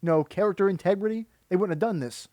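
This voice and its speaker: A man's voice: high voice, fast talker, warm tone, no echo, clean studio sound. A man giving critical, exasperated reaction commentary that rambles and restarts. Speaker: video commentator.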